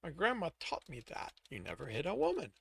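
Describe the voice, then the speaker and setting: A man's voice: a little high, wildly swooping pitch, brisk, creaky, slight background noise, heavily acted. A man voicing a brash, battered young male mercenary with a cocky, taunting manner. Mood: weak, earnest.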